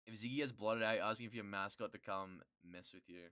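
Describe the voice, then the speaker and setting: A streamer chatting casually with viewers, rambling and swearing, quickly getting worked up and loud. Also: low voice, clean tone, no room sound, studio quality. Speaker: streamer answering chat.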